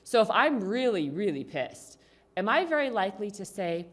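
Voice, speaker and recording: A woman's voice: medium pitch, very animated, normal speed. A woman giving a conversational talk to a congregation, asking the audience questions. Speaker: speaker at a congregation. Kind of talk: talk on communication.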